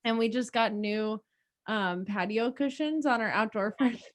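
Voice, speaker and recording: A woman's voice: a little high, moderate pace. A woman co-hosting a casual chat, telling stories about her husband in a teasing, laughing way. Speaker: podcast co-host.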